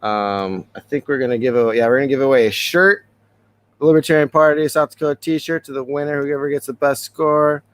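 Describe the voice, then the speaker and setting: A man hosts a relaxed podcast chat. His voice is smooth and resonant, sitting mid-range for a man. He rambles loosely and laughs along as he goes. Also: medium pitch, a little fast, dry recording. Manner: loose, rambling, chuckles often. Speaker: podcast host.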